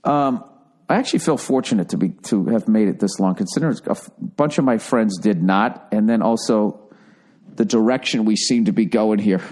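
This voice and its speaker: A man's voice: fairly low pitch, fairly quick, a little mellow. A man in his forties, hosting his own podcast and ranting with heavy profanity and sarcasm in a casual solo monologue. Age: 40s. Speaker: podcast host.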